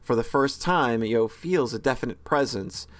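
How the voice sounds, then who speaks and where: A let's-play host works through a horror visual novel, reading its narration with offhand jokes and many self-corrections. His mid-range voice is animated and keeps a normal speed.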